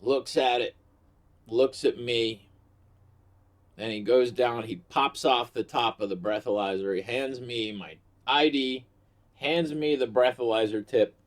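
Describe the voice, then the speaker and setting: A man's voice: mid-range voice, unhurried. Profane, rambling middle-aged man. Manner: profane, rambling and self-mocking. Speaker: vlogger. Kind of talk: casual comic storytelling.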